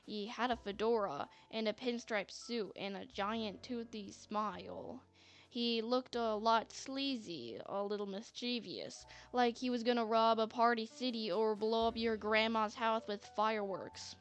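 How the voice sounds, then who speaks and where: A woman's voice: on the high side, steady tone, unhurried. A woman narrating a story in a chatty manner, with sarcastic asides. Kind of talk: scripted narration. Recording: faint music bed.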